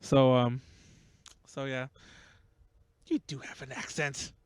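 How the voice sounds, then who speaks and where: A young man with a Los Angeles accent hosting a podcast, rambling quickly with lots of restarts. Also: mid-range voice, level tone, clear, resonant tone, dry recording. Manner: rapid, rambling, many restarts. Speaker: podcast host. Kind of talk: casual chat.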